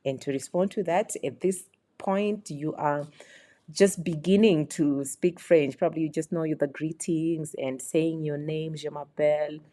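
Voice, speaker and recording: A woman's voice: sits low, steady tone, unhurried, warm tone. A woman teaching phrases in a beginner lesson, explaining patiently and repeating each example. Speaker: French teacher.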